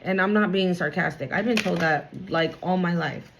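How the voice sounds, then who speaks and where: A woman's voice: fairly low pitch, moderate pace, few pauses, fairly bright tone, slight background noise, low-quality recording. A woman giving a casual spiritual card reading to her viewers, chatty and blunt, swearing freely and reassuring them.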